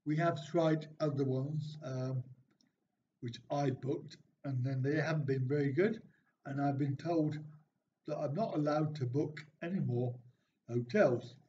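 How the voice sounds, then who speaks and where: A man's voice: medium pitch, unhurried, dark tone. Man live-streaming with dull lo-fi sound. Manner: reads viewers' jokes aloud and answers chat with dry, self-mocking remarks. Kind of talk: casual live stream, reading viewer chat aloud. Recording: dull, slightly lo-fi stream audio with faint noise.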